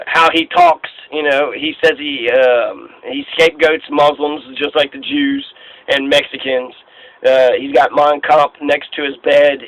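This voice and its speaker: A man's voice: on the high side, a bit bright, no echo, poor audio. A man giving a heated, profane, rambling monologue, full of fillers and restarts. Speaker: political commentator. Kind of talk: casual monologue.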